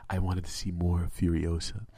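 A man voicing a breathy, sultry male magazine host who announces in a loud, mock-seductive half-whisper. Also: low-pitched, little pitch movement, fairly quick, no echo.

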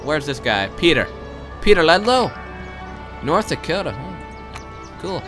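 An excitable young man with a slightly high voice gives live gameplay commentary. He swears freely and swings between loud outbursts and low muttering. Faint game music plays behind him. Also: slow pace.

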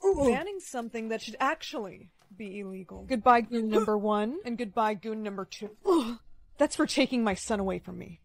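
A woman's voice: a little high, expressive, normal speed. A woman playing a vengeful, protective middle-aged mother in a short skit, speaking in an icy, defiant way.

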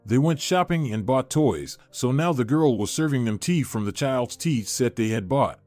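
A man reading a story in scripted narration, with a steady, even delivery. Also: medium pitch, moderate pace, dry recording. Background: soft background music.

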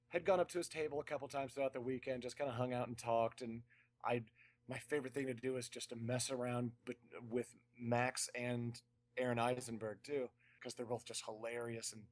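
Man rambling through a story. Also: medium pitch. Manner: rambling storyteller, frequent restarts and laughter. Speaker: guest musician. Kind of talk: casual podcast chat.

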